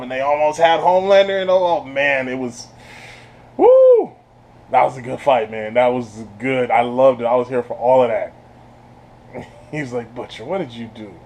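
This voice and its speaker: Laughing, slangy man reviewing a show. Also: medium pitch. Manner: laughs often, slangy and animated. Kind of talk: casual spoiler review chat.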